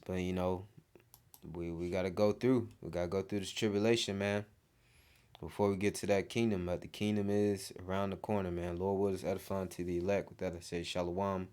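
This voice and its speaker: Low-voiced man preaching casually. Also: level tone, a little fast, darkish tone, smooth. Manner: casual, peppered with "man" and "you know". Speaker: street preacher. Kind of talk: informal preaching.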